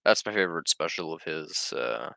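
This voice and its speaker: A man's voice: rumbling low, lively intonation, moderate pace, vocal fry, pushed and bright, no room sound, studio quality. A man streaming, casually reacting to a comedy special and recommending the comedian. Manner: laid-back, laughs along and repeats punchlines.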